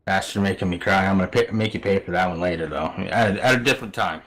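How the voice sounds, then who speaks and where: A man's voice: sits low, fast talker, fairly bright tone. A middle-aged man calling a sim racing broadcast in a chatty, easygoing way, reading out the starting grid. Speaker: race commentator.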